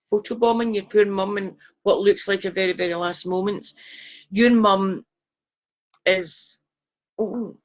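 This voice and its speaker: A woman giving live psychic readings, chatty and affectionate, calling viewers darling. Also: lowish voice. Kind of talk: live-stream chat reading viewers' photos.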